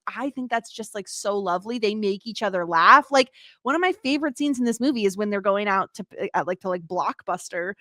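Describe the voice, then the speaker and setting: A woman co-hosting a podcast, chatting casually about a film in an animated, playful, emphatic way. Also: medium pitch, brisk, no echo, clean studio sound. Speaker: podcast co-host. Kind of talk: casual chat.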